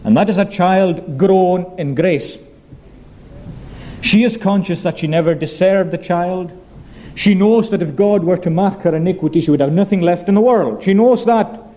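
A man preaching a sermon, earnest and emphatic, slowing down on weighty phrases. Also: sits high, mellow.

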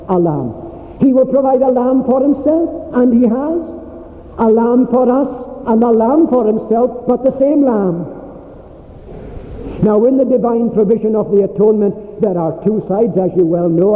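A man preaching a sermon, slow and emphatic, with weighty pauses. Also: high-pitched. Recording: tinny phone-like sermon recording in an echoey hall.

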